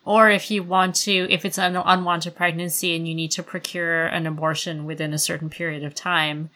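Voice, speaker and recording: A woman's voice: fairly low pitch, level tone, a little fast, pushed and bright. A woman hosting a podcast who talks casually and asks careful, curious questions. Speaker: podcast host. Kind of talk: casual conversation.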